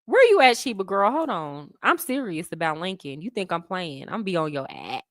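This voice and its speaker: An American woman living abroad in Colombia hosts a laid-back travel livestream, answering viewer comments with lively chatter, frequent laughter, and plenty of slang. Her voice sits on the lower side, with a sing-song lilt, a moderate pace, and a slightly bright quality. The studio-quality recording has no room sound.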